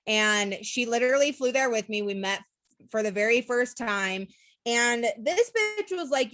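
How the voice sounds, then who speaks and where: A woman's voice: fairly high pitch, lively intonation, normal speed, fairly bright tone, no room sound. A young woman from Utah telling her network marketing story in a casual, candid way, full of "like" and "literally" and the odd swear word. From Utah, USA.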